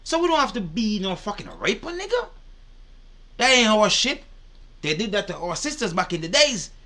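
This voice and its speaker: A man's voice: high-pitched, very animated, moderate pace, sharp tone. A man giving indignant, profane reaction commentary. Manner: indignant, profane, repetitive ranting. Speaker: reaction video host.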